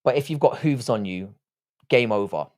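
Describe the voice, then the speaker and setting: A young man is seated at a desk mic, hosting a casual live stream, reading chat aloud and firing back blunt, crude jokes with plenty of swearing. His voice is mid-range and darkish, expressive, moving at a moderate pace.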